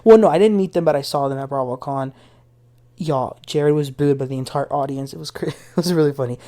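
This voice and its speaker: A woman's voice: deep voice, fairly quick, warm tone. A woman hosting a casual reality TV recap, retelling scenes in a chatty way with her own opinions and asides. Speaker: TV recap host.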